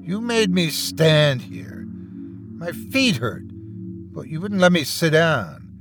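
An unhinged, bitter customer with a revolver, snarling and erupting into shouts, as a man puts him on. The voice rises high and swings widely in pitch, with a faint music bed underneath in this spoken horror tale. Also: very animated, slow, full character voice.

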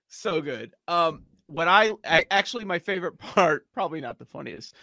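A man hosting a sports betting podcast, introducing the crew and chatting in an animated way. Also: a little high, no room sound, studio quality. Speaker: podcast host. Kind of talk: sports betting talk show.

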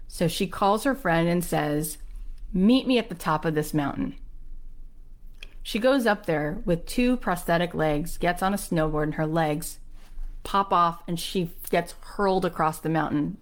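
A woman's voice: on the low side, a little slow. Passionate woman telling stories. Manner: passionate storytelling with acted-out quotes; emphatic. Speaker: podcast host. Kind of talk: motivational monologue.

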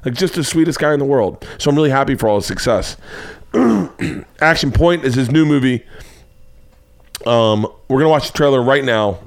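A man in his forties from the United States, hosting his own show with a rambling, profane comedic monologue and animated storytelling. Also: mid-range voice, normal speed, gravelly, pauses often. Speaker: comedian podcast host.

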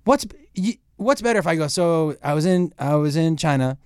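A man from Massachusetts chatting casually and telling stories with quick jokes. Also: a little high, clear, resonant tone, dry recording, studio quality. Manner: animated storyteller, quick jokes. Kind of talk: casual chat.

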